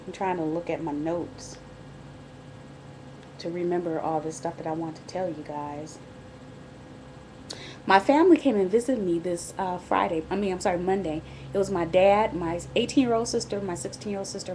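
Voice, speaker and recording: A woman chats candidly into her camera mic while on bed rest during pregnancy. Her talk is casual and full of restarts and asides. A faint low hum runs underneath. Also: darkish tone. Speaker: vlogger. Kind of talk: casual pregnancy diary vlog.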